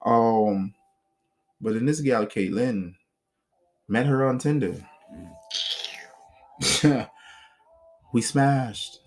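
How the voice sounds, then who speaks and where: A man hosting a podcast, telling personal stories in a blunt, profane, animated way. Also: mid-range voice, extremely slow, long pauses, soft background music. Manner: blunt, profane, animated retelling with acted quotes. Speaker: podcast host. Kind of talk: casual storytelling monologue.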